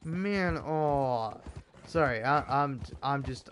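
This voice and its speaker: A man's voice: a little high, animated, a little slow, a little hiss or hum. Profane, heated young American man ranting. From United States. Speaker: gaming YouTuber. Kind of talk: ranting commentary over gameplay.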